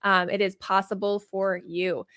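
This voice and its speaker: A woman's voice: medium pitch, little pitch movement, unhurried, fairly bright tone, no echo, clean studio sound. A woman co-hosting a livestream, chatting bubbly and casually while reading viewer comments aloud. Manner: bubbly, reads out chat comments with many "um"s. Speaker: livestream co-host.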